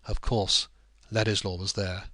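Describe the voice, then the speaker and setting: Man, audiobook narration, low voice, dry close recording, measured. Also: little pitch movement, pushed and bright, dry recording. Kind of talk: scripted narration of a classic novel.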